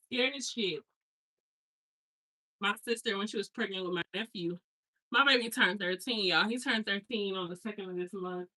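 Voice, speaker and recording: A woman's voice: medium pitch, normal speed, pauses often, sharp tone, rough recording. A woman in her thirties, a hair stylist, chatting casually and telling rambling family stories with slangy asides while she unpacks. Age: 30s.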